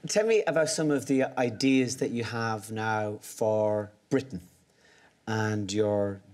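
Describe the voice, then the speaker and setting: A man's voice: fairly low pitch, slow pace, darkish tone. A man with an Irish accent hosting a talk show, asking probing questions between short prompts.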